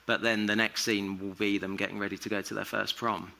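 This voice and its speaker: A man's voice: on the low side, little pitch movement, a little fast, vocal fry, pushed and bright. A man, an author speaking as a guest on a festival stage, talking in a loose, rambling way with many fillers and restarts. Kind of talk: onstage conversation.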